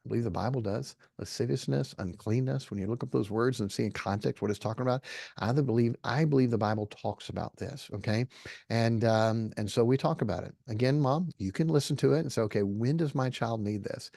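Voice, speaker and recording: A man's voice: medium pitch, a little fast, gravelly, warm tone, dry recording, studio quality. A middle-aged man giving an earnest, folksy Christian talk to a live audience, often checking in with "okay?". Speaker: Christian speaker.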